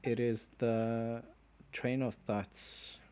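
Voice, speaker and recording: A man streaming a video game, musing philosophically in halting, rambling phrases between pauses. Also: medium pitch, level tone, darkish tone, smooth. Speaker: gaming streamer. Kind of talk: reflective gameplay commentary.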